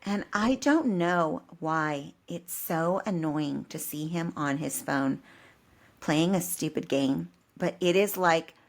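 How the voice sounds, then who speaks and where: A woman's voice: low voice, takes it slowly, creaky. A middle-aged woman co-hosting a podcast, telling a home story with laughs and acted-out quotes. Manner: animated, laughing, acts out quoted dialogue. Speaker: podcast co-host. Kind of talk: casual storytelling chat.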